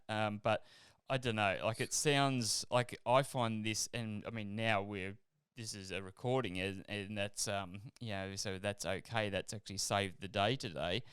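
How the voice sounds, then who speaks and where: A man hosts a casual podcast chat, rambling and breaking off his own sentences. His voice sits low and smooth, and it is recorded dry and close. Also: fairly even intonation, measured pace, hardly any pauses, fairly bright tone, no room sound. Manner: rambling, self-interrupting. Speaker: podcast host.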